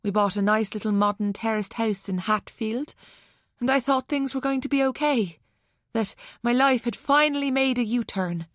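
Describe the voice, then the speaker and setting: A woman voicing an unhinged young woman who talks about murder with a mocking calm. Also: a little high, moderate pace, no echo, studio quality, pitched above the performer's own voice, lightly acted. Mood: coldly menacing. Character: unhinged young Irish woman, cold and menacing.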